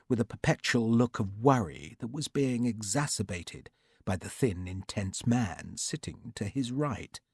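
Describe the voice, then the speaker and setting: A man narrates an audiobook slowly and evenly, in a measured storytelling manner. His voice is husky and sits at a middle pitch. It is recorded close and completely dry. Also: no echo.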